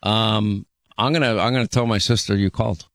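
A man from Long Island hosting a call-in radio show, talking briskly and casually with callers. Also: on the low side, steady tone, fairly bright tone, no echo. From Long Island, New York. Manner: brisk, chatty, quick to joke. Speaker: radio talk show host.

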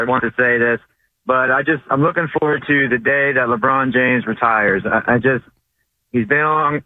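A man calling in to a radio show, hesitant and full of false starts. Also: mid-range voice. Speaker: caller. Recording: phone line.

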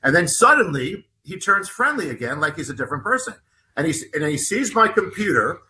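A man's voice: on the high side, very animated, a little fast, sharp tone, slight background noise. A man guesting as an author on an interview show, telling a personal story in a rambling way with many restarts and repeated words.

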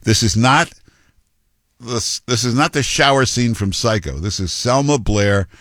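A man's voice: medium pitch, measured pace, a bit bright, no echo, clean studio sound. A male talk radio host giving blunt, mocking commentary with many fillers and restarts.

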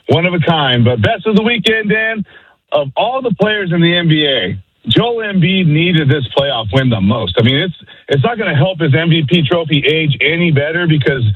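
A man calling in to a sports radio show, talking in an energetic, hyped way. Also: fairly high pitch, breathy edge, no echo. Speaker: caller. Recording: muffled phone line.

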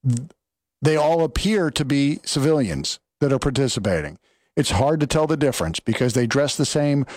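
A man's voice: medium pitch, darkish tone, no echo, studio quality. A man giving an opinionated political monologue in an indignant, sarcastic tone, retelling events and quoting others. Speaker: political commentator.

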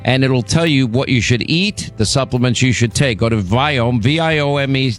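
A middle-aged man hosting a call-in radio talk show, quick and conversational, stammering a bit when he defends himself. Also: medium pitch, faint music behind.

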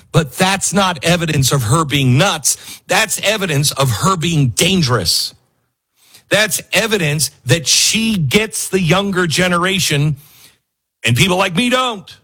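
Man, talk show host, husky, lively swinging pitch, sarcastic commentary. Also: a little slow. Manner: animated, sarcastic, mimics people in quotes.

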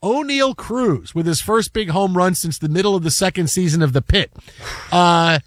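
A man hosting a sports talk show, telling rambling stories in an animated, joking way. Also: sits high, moderate pace, dry recording, studio quality. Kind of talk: casual chat.

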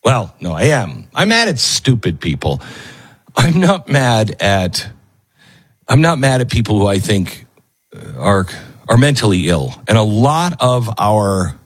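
A man's voice: on the low side, sing-song, a little slow, slightly rough. Emphatic male talk show host. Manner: earnest, emphatic, repeats for stress. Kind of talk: radio talk monologue.

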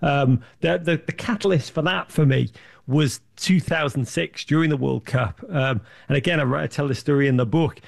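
A man, an interview guest, telling lively anecdotes with lots of restarts and fillers. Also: a little high, vocal fry. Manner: enthusiastic storyteller, quick restarts and fillers. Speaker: interview guest, sports media founder. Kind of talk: animated anecdotal interview talk.

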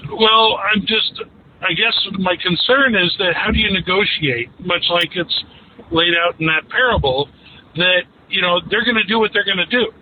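A man's voice: high-pitched, moderate pace. A male caller to a radio show, speaking earnestly with hesitations. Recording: tinny phone line, faint noise.

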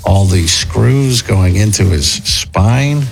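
A man's voice: on the low side, lively intonation, takes it slowly, vocal fry, faint music behind. A man hosting a casual talk show, rambling and opinionated with frequent restarts. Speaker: podcast host. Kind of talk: casual commentary chat.

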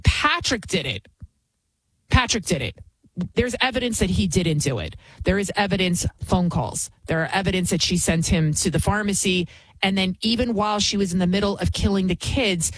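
Emphatic husky-voiced woman host. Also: mid-range voice, dry recording, poor audio. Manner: emphatic, repeats key phrases. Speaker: talk show host. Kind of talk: opinionated commentary.

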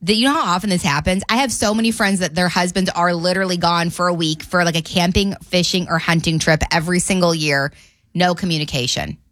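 Lady radio host, kinda low voice, dry studio mic, chatty and animated. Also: fast, no echo. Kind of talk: casual morning radio banter.

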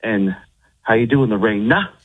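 A man's voice: lowish voice, animated, moderate pace, slightly rough. A male caller on a radio show, laid-back and rambling. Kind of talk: casual call-in chat. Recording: phone line.

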